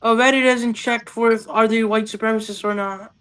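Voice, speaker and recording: A man's voice: high voice, steady tone, normal speed, a bit bright, clear, resonant tone. A man in casual political chat, making short interjections and blunt remarks.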